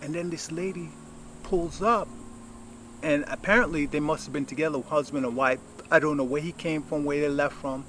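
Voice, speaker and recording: A man's voice: a little high, normal speed, fairly bright tone, a little hiss or hum, low-quality recording. A man giving casual life advice in a rambling, reflective monologue with lots of fillers.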